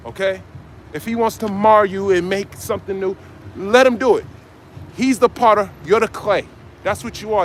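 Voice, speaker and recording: A man delivers a fiery open-air street sermon, exhorting passersby and capping his lines with "man." His voice sits high for a man. He is recorded outdoors at an urban marketplace, with faint traffic noise behind him. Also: moderate pace. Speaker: street preacher.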